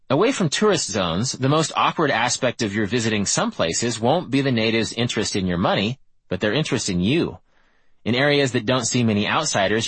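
A man narrating a nonfiction audiobook in a measured, wry first-person reading style. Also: mid-range voice, a bit bright, husky, no room sound, rough recording.

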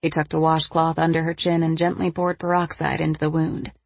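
A woman narrating an audiobook with even, measured storytelling. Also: sits low, creaky, no room sound.

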